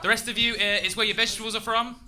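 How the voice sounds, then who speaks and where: A young Englishman with a Lincolnshire accent performs a chatty, self-mocking stand-up set on a comedy club stage, breaking into loud shouted bursts. His high-pitched voice is rapid-fire with fairly even intonation. The live club recording carries crowd noise.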